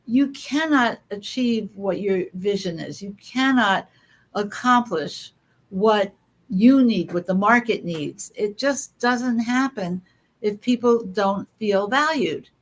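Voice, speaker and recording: A woman guest on an interview, speaking earnestly and emphatically with quick asides and fillers. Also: mid-range voice. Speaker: guest author. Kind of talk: conversational interview.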